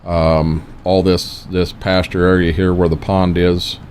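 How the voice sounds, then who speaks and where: A man's voice: sits low, level tone, measured pace, a little mellow, a little hiss or hum. An older man casually chatting while playing a farming game, rambling and plain-spoken. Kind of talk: casual gameplay chat.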